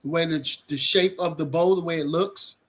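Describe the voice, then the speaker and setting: A man's voice: fairly high pitch, steady tone, moderate pace. A man co-hosting a livestream bible study, talking casually and animatedly with many fillers.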